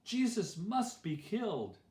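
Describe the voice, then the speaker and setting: A man's voice: fairly high pitch, big pitch swings, measured pace, pitched above the performer's own voice. A man voicing angry, scheming city rulers in a children's story, insistent and heated. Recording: roomy echo.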